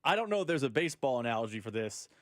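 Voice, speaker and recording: A man's voice: medium pitch, big pitch swings, very fast, a bit bright. A man co-hosting a sports radio show, musing on comparisons across sports in a conversational way.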